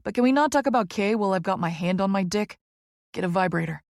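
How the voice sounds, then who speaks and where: A woman voicing a confident, commanding young male lover in an audiobook, speaking in a low, dominant, teasing way. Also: lively intonation, fast, no room sound, studio quality, natural voice.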